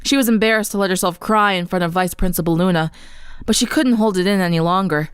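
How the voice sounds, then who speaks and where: A young woman reading a fan story aloud in an earnest, expressive storybook narration. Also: lowish voice, fast, clear, resonant tone, no room sound, clean studio sound. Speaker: fanfiction reader.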